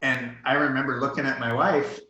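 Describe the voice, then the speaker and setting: A man's voice: mid-range voice, steady tone, fairly quick, bright, forceful tone, echoey room, dull audio. A man guest in a virtual Q&A, telling a personal story in an earnest, emotional way. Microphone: video call.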